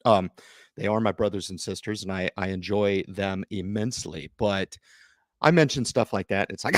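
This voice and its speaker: Middle-aged male stream host, lowish voice, dry close sound, rambling and chatty. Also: moderate pace, no echo. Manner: rambling, animated, talks straight to viewers. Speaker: investing channel host. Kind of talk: casual livestream chat.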